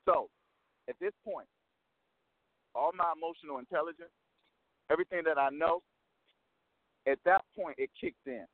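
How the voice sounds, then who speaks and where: Lively coach guy telling a story, kinda high voice, tinny phone line sound. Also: moderate pace, long pauses, dry recording. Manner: emphatic, repeats points and checks in with "right?". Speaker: motivational coach and guest. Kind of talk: animated storytelling interview.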